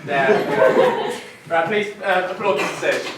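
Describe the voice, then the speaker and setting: A man's voice: high voice, normal speed, very noisy. Young man introducing sketches on stage. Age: young adult. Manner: jokey, offhand. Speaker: compere of a student sketch show. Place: student theatre stage. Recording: echoey hall from far off.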